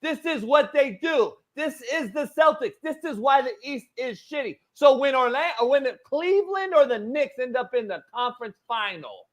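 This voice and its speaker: A man hosting a sports talk show, arguing loudly and profanely and goading his co-host. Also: very high voice, animated, normal speed, hardly any pauses. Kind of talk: heated sports debate.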